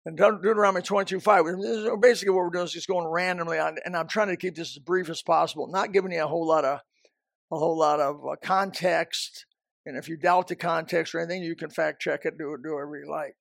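A man's voice: on the high side, fairly even intonation, fast talker, creaky, fairly bright tone, no room sound, studio quality. A man preaching a sermon as a pastor, emphatic and repetitive, often restarting his sentences.

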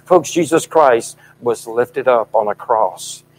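Fervent man preaching slowly. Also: mid-range voice, breathy edge, poor audio. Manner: fervent, emphatic preaching with swells in loudness. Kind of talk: sermon.

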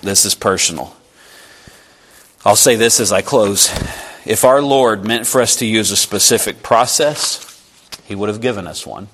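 A man's voice: fairly low pitch, unhurried, pauses often, a bit bright, a little hiss or hum. A man preaching a sermon in an earnest, conversational way, sometimes acting out short exchanges.

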